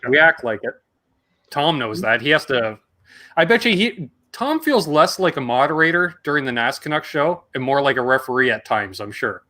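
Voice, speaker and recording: A relaxed man in his forties hosts a laid-back livestream chat. He reads viewer comments aloud and chats between them, his voice sitting at an everyday middle pitch. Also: normal speed. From Canada. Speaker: host.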